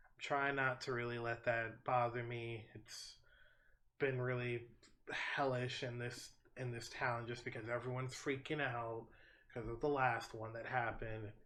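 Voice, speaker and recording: A man's voice: mid-range voice, flat delivery, measured pace, sharp tone. Anxious, affectionate mother in a tabletop game, put on by a man. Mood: worried. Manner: affectionate, then anxious and concerned. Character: warm, worried middle-aged mother.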